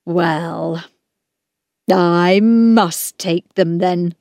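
A woman voicing a proud railway porter, speaking slowly and deliberately. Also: lowish voice, a little mellow, dry recording. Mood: grudging thanks. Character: proud, kindly working-class railway porter man.

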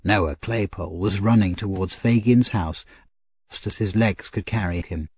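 A man narrating an audiobook novel, slow, clear and expressive. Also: low voice, dry recording.

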